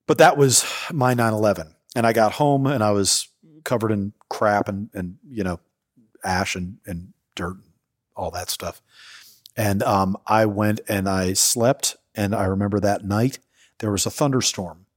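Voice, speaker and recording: A man's voice: on the low side, measured pace, no room sound. A man in his forties, a podcast host, telling a personal story in a candid, profane way on a close mic. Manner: candid, profane, acts out quoted voices.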